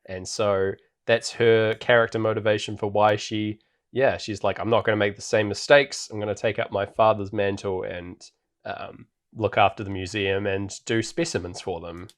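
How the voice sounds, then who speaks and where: A man with a low-leaning voice and little pitch movement talks at normal speed as a podcast co-host. It's a casual chat recapping a film, heavy on ums and light laughter.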